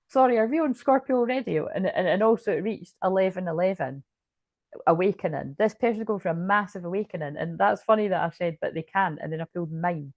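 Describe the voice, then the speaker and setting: A woman's voice: lowish voice, brisk, dry recording. A woman giving a casual tarot card reading, chatty and rambling, with restarts and swearing. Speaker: tarot reader.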